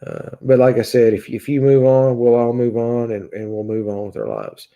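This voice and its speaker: A man with a Kentucky accent hosting a livestream, reading viewers' comments aloud in a halting, casual way full of filler sounds and restarts. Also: mid-range voice, lively intonation, creaky, dark tone. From Kentucky, USA. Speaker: livestream host reading chat.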